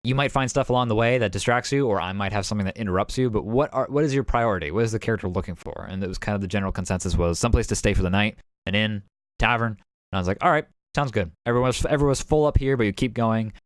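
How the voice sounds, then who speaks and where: A man's voice: lowish voice, rapid-fire, no room sound, studio quality. A man talking casually as game master, recapping a tabletop session in a rambling way full of fillers and restarts. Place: home streaming setup.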